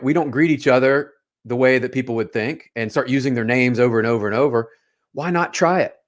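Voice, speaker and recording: A man hosting a casual interview show, enthusiastic and affirming toward his guest. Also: medium pitch. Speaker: host.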